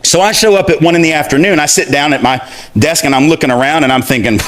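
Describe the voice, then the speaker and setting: A man giving a talk, telling an animated, self-mocking story with conversational asides. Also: on the high side, a little fast. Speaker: speaker.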